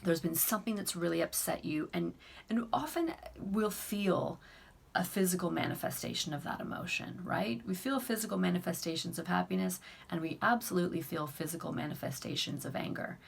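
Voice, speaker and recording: A young adult woman coach calmly explaining a tapping technique to camera, steady and unhurried with occasional fillers. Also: lowish voice, creaky, breathy edge. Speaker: self-help coach. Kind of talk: instructional talk to camera.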